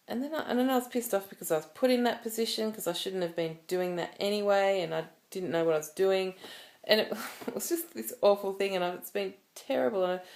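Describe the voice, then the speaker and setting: Low gravelly-voiced woman vlogging. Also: darkish tone. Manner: rambling, emotional storytelling with restarts. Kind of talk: casual personal vlog.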